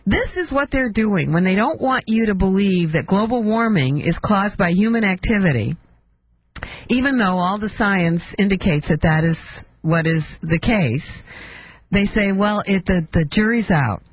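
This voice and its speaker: A talk radio host delivers a sarcastic political monologue packed with mocking rhetorical questions. Her mid-range voice is expressive, measured, and a bit breathy, with no echo, though the broadcast audio sounds dull and lo-fi.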